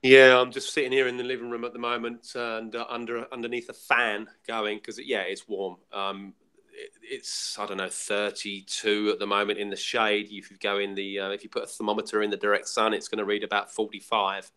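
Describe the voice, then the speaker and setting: A British man on an online call from his living room, easygoing and chatty, and he admits he talks quickly. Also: fairly low pitch, little pitch movement, bright, forceful tone, clean tone. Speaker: panel guest. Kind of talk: casual group call chat. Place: living room at home, fan running.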